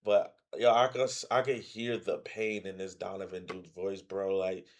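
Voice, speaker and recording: A man streaming a live reaction, swearing freely and breaking into loud outbursts. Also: deep voice, level tone, moderate pace. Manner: profane, blurts out loud outbursts.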